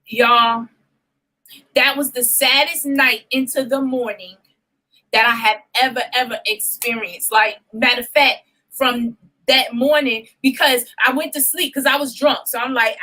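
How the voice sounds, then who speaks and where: Bright high-voiced woman telling a story. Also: a little slow, rough recording. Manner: animated, profane, acts out quoted voices. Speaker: podcast co-host. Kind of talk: casual storytelling chat.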